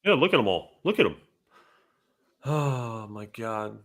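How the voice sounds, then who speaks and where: A man's voice: medium pitch, sing-song, unhurried. A man guesting on a casual podcast chat. He talks animatedly, swears and then apologizes for it.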